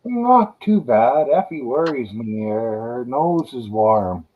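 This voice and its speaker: A man's voice: mid-range voice, big pitch swings, slow pace, narrow, tinny audio, slight background noise. A man in casual chat with a friend, answering in short, subdued replies.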